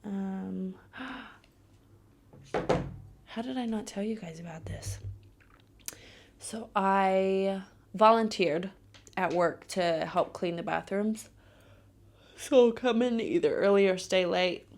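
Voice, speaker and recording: Woman podcast host, slow delivery, gravelly fry, blunt and profane. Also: mid-range voice, a little mellow, slight background noise. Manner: blunt, profane, ranting storyteller. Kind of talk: casual solo podcast monologue.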